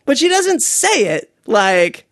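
A podcast host rambling through a comedic story with a lively, bouncing pitch. The delivery is digressive and jokey, full of fillers and side tangents, in a dry, close recording. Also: slow pace, no room sound.

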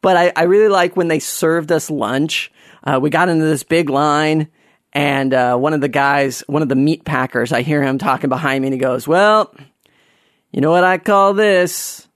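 A man telling a funny personal story in an animated, sarcastic way, dropping to mumbled asides and jumping up for mocking voices. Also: on the high side, normal speed, no echo, studio quality. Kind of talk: comedic personal anecdote.

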